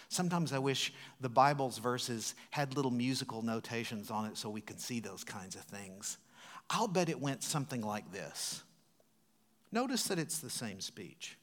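A man preaching a sermon in a church. His delivery is dramatic and swings from loud, emphatic lines down to hushed, near-whispered ones. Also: medium pitch, animated, normal speed. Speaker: pastor. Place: church sanctuary.

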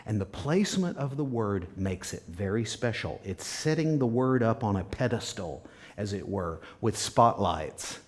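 A man's voice: lowish voice, animated, moderate pace. A man preaching a sermon as pastor, emphatic and repetitive, sometimes dropping to a near whisper. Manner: emphatic, repeats key words, drops to a whisper at times.

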